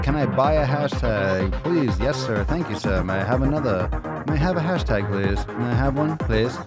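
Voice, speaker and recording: Profane joking male podcast host. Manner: loose and profane, reading chat aloud, goofing around; coos softly in a high baby-talk voice at a pet. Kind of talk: casual live-stream chat.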